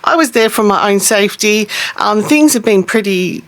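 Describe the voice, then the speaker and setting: A middle-aged woman hosting a casual craft vlog, talking quickly in a chatty, rambling way with frequent small laughs. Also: mid-range voice, lively intonation. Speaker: craft channel host. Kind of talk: casual show-and-tell vlog.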